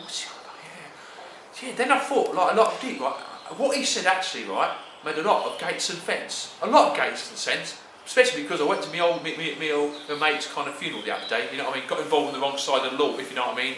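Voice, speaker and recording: A man with a slightly high voice and a Cockney accent rattles off a comic story in rhyming slang at a fast clip. He's chatty, full of "right" and "mate", and jumps into excited squawks. The room is echoey, with slight background noise.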